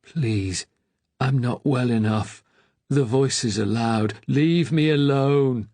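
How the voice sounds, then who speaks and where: A man's voice: medium pitch, slow, darkish tone, no room sound, pitched above the performer's own voice. A man voicing an elderly, paranoid mental patient who pleads to be left alone. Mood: pleading. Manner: pleading, then raging.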